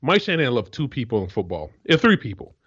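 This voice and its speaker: A man in casual sports talk, spinning animated stories from his playing days. His sentences stumble and restart as he talks over himself. The recording sounds dull and lo-fi. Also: mid-range voice, fast talker, slightly rough. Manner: storytelling, animated, swears, restarts often. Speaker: co-host, former NFL defensive tackle.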